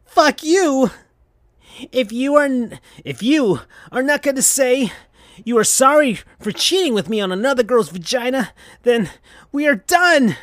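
A man voicing an angry teenage hedgehog boy who shouts in high-pitched outbursts. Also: lively intonation, unhurried, no echo, studio quality, full character voice. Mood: furious.

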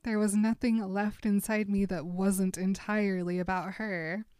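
A woman's voice: medium pitch, fairly even intonation, unhurried, darkish tone, clear, resonant tone, dry recording, clean studio sound. Giggly woman recapping a book. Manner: chatty, giggly, retells scenes. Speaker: podcast co-host. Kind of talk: casual book recap chat.

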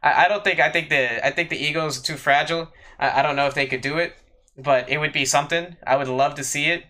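A male podcast co-host with a bright, sharp voice, talking in a loose, casual way. He stumbles through plenty of fillers and repeats his words as he thinks aloud. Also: a little high, fairly even intonation, fast.

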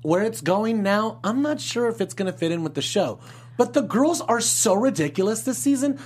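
A woman's voice: mid-range voice, expressive, normal speed, a little mellow, slightly rough. A woman co-hosting a fan after-show, chatting casually with playful asides. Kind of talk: casual chat.

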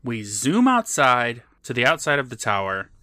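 A man's voice: mid-range voice, very animated, moderate pace, pushed and bright, no echo, clean studio sound. A man co-hosting a podcast, recapping a TV episode in casual, joking chat with some swearing. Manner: swearing, laughing, retelling scenes. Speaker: podcast co-host.

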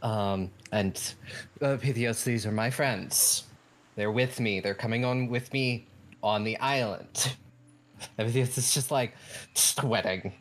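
A man's voice: mid-range voice, slow. A man narrating a tabletop game as game master, hesitant, with many fillers and restarts.

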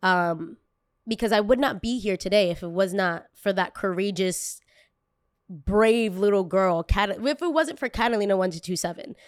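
A woman's voice: mid-range voice, moderate pace, no echo, clean studio sound. Candid young woman telling a painful story. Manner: emotional, candid, lots of "like" fillers. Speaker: content creator. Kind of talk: personal storytelling.

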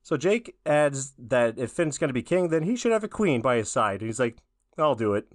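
A man's voice: mid-range voice, very animated, brisk, no echo, clean studio sound. A man co-hosting a podcast, recapping a cartoon episode in a laid-back, rambling way, with a lot of "like.". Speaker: podcast co-host. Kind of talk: casual episode recap chat.

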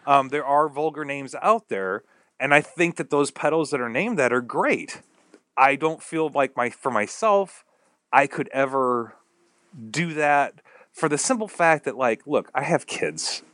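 A man's voice: medium pitch, lively intonation, measured pace, a bit bright, no echo. Guy on a podcast telling a long rambly story, mid voice, dry close mic. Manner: rambling storyteller who acts out quotes. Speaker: podcast guest, pedal builder. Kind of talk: casual podcast chat.

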